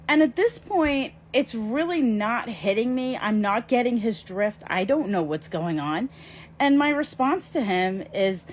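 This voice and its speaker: Her voice a little high, a woman shares a personal anecdote in a casual camera vlog, emphatic and energetic, with quick side comments aimed at the viewer.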